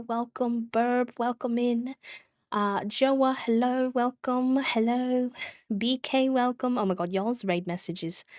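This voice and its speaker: A woman streamer putting on a deliberately bad British accent while greeting viewers in a bubbly way, laughing often. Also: high voice, dark tone, dry recording, clean studio sound, voice pushed up.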